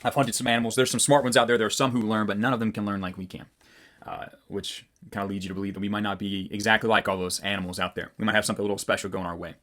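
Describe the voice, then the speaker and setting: A man delivers a casual motivational lesson straight to camera, rambling and blunt, tossing out loose fillers. His voice sits on the low side and the words tumble out quickly. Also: little pitch movement, a bit bright. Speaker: copywriting coach.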